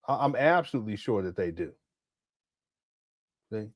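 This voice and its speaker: Host, male, 50s, blunt casual reaction commentary, animated delivery. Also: lowish voice, normal speed, dry recording, clean studio sound. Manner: blunt, exclamatory, laughs at clips.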